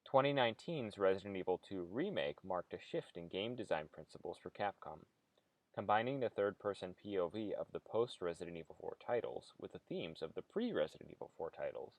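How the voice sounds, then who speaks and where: A man reading a scripted video essay in a measured, analytical way. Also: low voice, very animated, no echo. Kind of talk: scripted narration.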